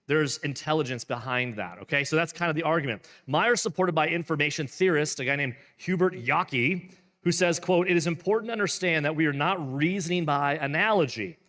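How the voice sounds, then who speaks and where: A man's voice: a little high, expressive, brisk, fairly bright tone, in a large hall. A man, a pastor, reading a book aloud and explaining it in a casual, rambling way with playful asides. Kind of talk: live book reading with commentary.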